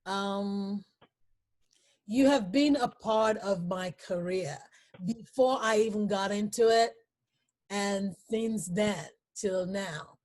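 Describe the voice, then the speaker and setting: A woman hosting an interview, halting and emotional, with many pauses and fillers. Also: medium pitch, darkish tone. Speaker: talk show host.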